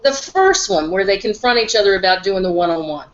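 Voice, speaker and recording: A woman's voice: mid-range voice, expressive, a little fast, lo-fi sound, a little hiss or hum. A middle-aged woman chatting animatedly as a guest, addressing the others directly. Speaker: guest panelist, the host's mother. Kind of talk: casual discussion.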